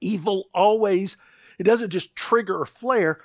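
A man's voice: high-pitched, unhurried, dry recording, clean studio sound. A man preaching a sermon in a conversational way as pastor, often acting out the voices of the people he quotes.

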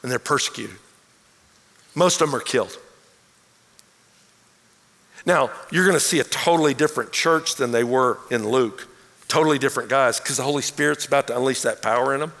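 Man, pastor, sermon, gravelly, long hall reverb. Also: mid-range voice, fairly quick, pauses often. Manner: animated, acts out quoted voices.

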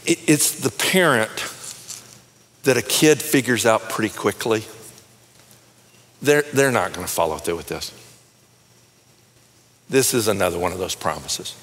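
A middle-aged man preaching a sermon in a conversational, animated way, telling stories and often repeating words as he starts a phrase. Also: on the low side, a little slow, pauses often, big-room sound, a little hiss or hum. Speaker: pastor. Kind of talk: sermon with storytelling.

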